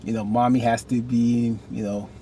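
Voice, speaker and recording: Animated man recapping a TV episode. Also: mid-range voice, normal speed, slight background noise. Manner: animated, talks back to characters with rising outbursts. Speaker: TV recap vlogger.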